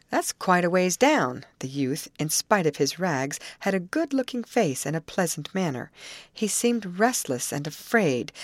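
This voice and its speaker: A woman narrating a storybook with an expressive, varied delivery. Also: lowish voice, no echo, studio quality. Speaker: audiobook narrator.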